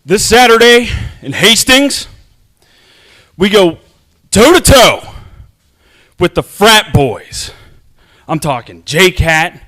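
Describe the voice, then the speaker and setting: A man cuts a brash tag team wrestling promo about an upcoming bout. His voice is a little high. He talks with swagger and confidence. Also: expressive, slow pace, long pauses, bright, forceful tone.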